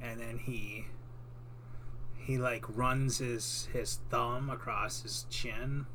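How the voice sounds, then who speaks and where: A man narrating a tabletop game as game master, in an unhurried, rambling way with many fillers. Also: mid-range voice, steady tone, bright, forceful tone, slight background noise.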